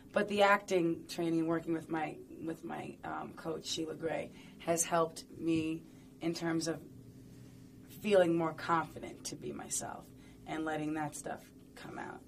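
A woman's voice: deep voice, creaky, slight background noise. A woman talking casually and playfully in an interview, rambling and chatty with lots of fillers.

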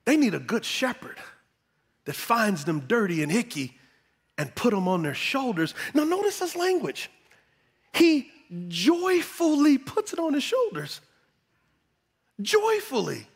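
A male pastor preaching a sermon with great energy, repeating words for emphasis and swinging between loud exclamations and hushed tones. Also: extremely high pitch, big pitch swings, measured pace, pauses often, slightly rough, in a large hall.

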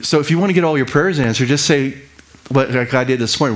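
A middle-aged man teaches in a sermon with a casual, conversational style, repeating phrases and tossing in quick asides. His voice is medium in pitch.

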